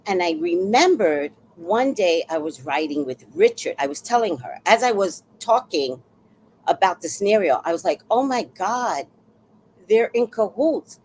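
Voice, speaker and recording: Animated woman telling a story. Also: lowish voice, normal speed, a little hiss or hum, poor audio. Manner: animated, acts out quoted voices. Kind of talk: casual storytelling monologue.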